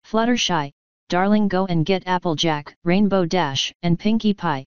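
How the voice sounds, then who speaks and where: A woman voicing a refined, commanding female unicorn pony who gives brisk orders. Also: lowish voice, smooth, no echo, natural voice. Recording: dull lo-fi recording.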